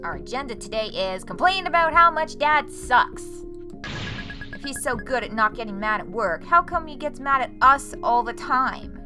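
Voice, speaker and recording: A woman voicing a defiant, hot-tempered teenage girl who protests loudly and indignantly. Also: animated, moderate pace, over music. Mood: bitter. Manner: indignant, high and loud.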